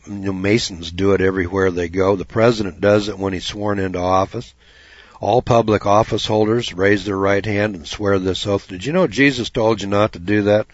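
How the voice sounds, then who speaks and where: A man's voice: low-pitched, no room sound. A man giving a folksy, preaching talk, rambling, repeating "you know" and putting questions to his listeners. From United States. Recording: dull dry lo-fi recording.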